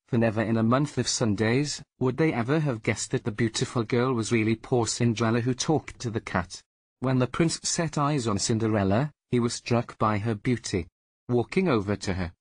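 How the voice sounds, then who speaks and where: A man reading a fairy tale aloud as storyteller, slow and deliberate. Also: medium pitch, husky, no echo.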